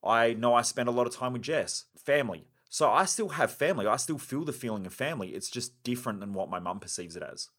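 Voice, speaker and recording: A man's voice: mid-range voice, expressive, fast talker, few pauses, fairly bright tone. A man hosting a self-help podcast, delivering a blunt, driven, emphatic monologue with casual swearing. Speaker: podcast host.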